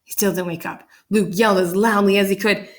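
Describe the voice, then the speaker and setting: A teacher reading a picture book aloud to her class, with animated, expressive storytelling. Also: mid-range voice, brisk.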